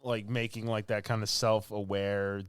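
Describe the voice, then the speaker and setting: A man's voice: on the low side, flat delivery, moderate pace, clean tone, no echo. A man co-hosting a podcast, casually recapping a movie in a rambling, filler-heavy way and laughing often. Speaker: podcast co-host.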